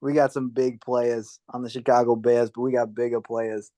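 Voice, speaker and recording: A man's voice: mid-range voice, flat delivery, moderate pace, dark tone, no room sound. A man co-hosting a podcast in casual chat, friendly and encouraging to his co-hosts. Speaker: podcast co-host.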